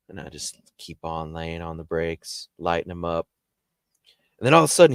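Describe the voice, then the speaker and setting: A man casually telling a paranormal story as the show's host, animated and jumping up in pitch when he acts out quotes. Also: moderate pace, no echo, studio quality. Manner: animated, jumps high when acting out quotes.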